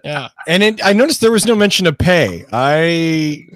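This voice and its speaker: A man's voice: on the high side, sing-song, normal speed, fairly bright tone. A man from California chatting on a podcast, joking with sarcastic asides. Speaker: podcast co-host. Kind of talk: casual podcast chat.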